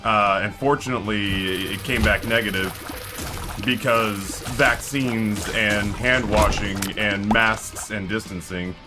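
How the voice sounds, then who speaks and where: A man's voice: fairly low pitch, steady tone, slow, over music. A man in his forties chatting live with his stream viewers, rambling, swearing and greeting people in chat by name. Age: 40s.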